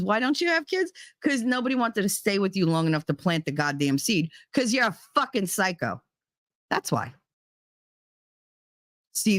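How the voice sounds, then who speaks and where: A woman's voice: medium pitch, no room sound, studio quality. Blunt, profane woman with a Jersey accent. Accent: New Jersey. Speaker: vlogger. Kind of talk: ranting monologue.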